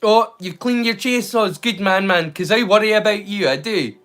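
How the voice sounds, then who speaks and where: A man's voice: high voice, normal speed, a bit bright. A Scottish man hosting a live watch-along stream. He chats casually, rambling, swearing and poking fun at himself. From Scotland. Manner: rambling, sweary, self-mocking.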